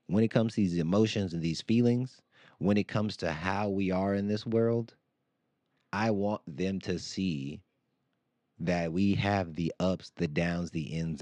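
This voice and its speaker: Deep-voiced man, candid dad monologue. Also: warm tone, dry recording. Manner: candid, conversational, acts out quotes. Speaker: podcast host. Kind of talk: casual podcast monologue.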